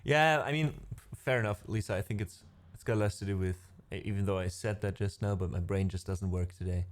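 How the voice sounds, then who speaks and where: This man speaks fairly quickly, his voice on the low side. He's a music streamer and non-native English speaker who chats casually with viewers between piano pieces, rambling, self-correcting, and laughing frequently.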